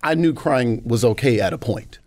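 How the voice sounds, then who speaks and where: A man's voice: mid-range voice, moderate pace, no room sound, studio quality. An American man, a comedian guest, telling personal stories candidly and acting out other voices. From United States. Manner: animated, acts out voices. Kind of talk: candid storytelling chat.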